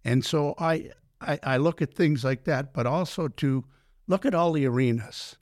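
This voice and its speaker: Older guy, kinda high voice, dry close sound, tells stories and does the voices. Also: moderate pace, dry recording. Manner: animated anecdotes with quoted dialogue, frequent restarts. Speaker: guest, former pro hockey player. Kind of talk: storytelling in a podcast interview.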